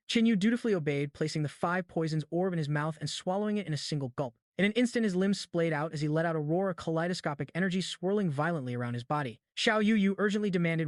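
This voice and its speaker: A man reading a recap story aloud, narrating the action and the dialogue of every character in the same even voice. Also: fairly high pitch, quick pace, no echo, studio quality. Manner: reads all the dialogue in one even narrating voice. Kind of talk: scripted narration.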